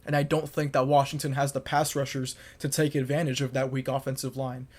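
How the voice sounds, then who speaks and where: Alone on his podcast, a young man lays out football picks a little fast, with firm, emphatic conviction, repeating points to drive them home. His middle pitch barely moves, so he sounds level and monotone.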